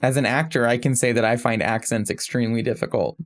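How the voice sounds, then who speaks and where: A man co-hosting a film podcast, chatting casually with animated, self-deprecating asides. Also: mid-range voice, fast talker. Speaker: podcast co-host.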